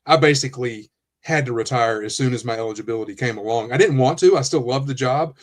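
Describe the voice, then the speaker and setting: A man hosting a podcast, himself a retired police officer, speaking in a measured, reflective way. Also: mid-range voice. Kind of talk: candid podcast conversation.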